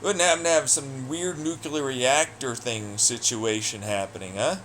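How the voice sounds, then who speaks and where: A man ranting alone in an audio blog, profane, taunting and hostile, swinging between loud jeers and low muttering. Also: normal speed, a little hiss or hum. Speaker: audio blogger. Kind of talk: angry solo rant.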